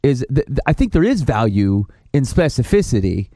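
Man, podcast co-host, mellow, lively pitch, reflective, dry mic. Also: no room sound. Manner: reflective, halting restarts. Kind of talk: casual chat about faith.

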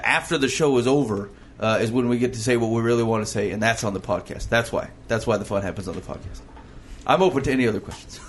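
A man's voice: medium pitch, a bit bright, slight background noise. A man hosting a quiz segment on a podcast, joking and punning between questions. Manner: jokey, quick asides, laughs at own puns. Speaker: quiz host. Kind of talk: playful radio quiz banter.

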